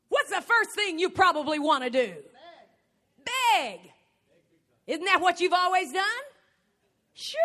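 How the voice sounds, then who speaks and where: Brief: woman preacher with a bright, ringing voice, emphatic and rising to shouts. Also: high-pitched. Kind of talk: sermon.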